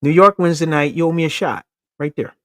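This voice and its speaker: A man's voice: a little high, fairly quick, a bit bright, dry recording, clean studio sound. A man co-hosting a casual sports talk show, joking, teasing and laughing between points. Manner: laughing, playful trash talk.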